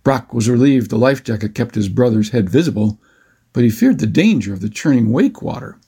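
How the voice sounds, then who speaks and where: A man narrating a children's adventure story with a steady, expressive reading. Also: mid-range voice, fairly quick, vocal fry, slightly rough.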